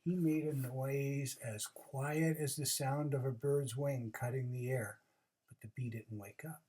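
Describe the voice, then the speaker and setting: A storyteller casually reading a children's book aloud, with chatty asides and expressive narration. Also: mid-range voice, measured pace. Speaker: storybook reader.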